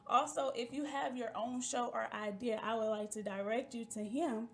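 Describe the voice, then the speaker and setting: A woman's voice: fairly high pitch, fairly even intonation, moderate pace, a bit bright. A woman hosting a talk show in a chatty, playful manner, talking straight to her listeners. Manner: chatty and playful, calls listeners "y'all" and "baby". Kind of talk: casual chat.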